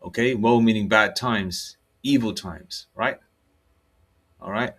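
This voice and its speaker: A middle-aged British man gives an informal sermon in a blunt, swearing street style. He checks in with "okay?" and "all right?" after his points and slows down to read scripture aloud. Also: lowish voice, fairly bright tone, husky. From United Kingdom. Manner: reads scripture aloud slowly. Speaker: religious preacher. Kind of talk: informal preaching monologue.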